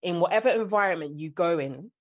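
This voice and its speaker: Woman, London accent, young adult, animated interview guest, fairly low voice, dry close sound. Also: brisk, dry recording, phone-quality sound. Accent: London English. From London, England. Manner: animated storyteller, mimics other people. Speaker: guest actress and filmmaker. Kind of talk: conversational interview.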